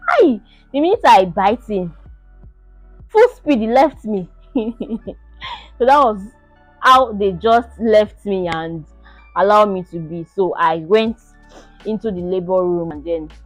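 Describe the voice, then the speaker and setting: A fairly high-voiced young woman tells her own story, animated and quick to laugh, acting out the shouting parts. The sound is close and dry, with faint music playing behind her. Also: dry recording. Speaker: vlogger sharing her birth story. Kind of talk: casual storytelling to camera.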